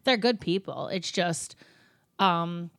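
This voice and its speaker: A woman's voice: fairly low pitch, lively intonation, slow, a bit bright, no echo, studio quality. A woman guest speaking in casual chat, telling a heated story in a blunt, profane way. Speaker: podcast guest, former reality TV cast member.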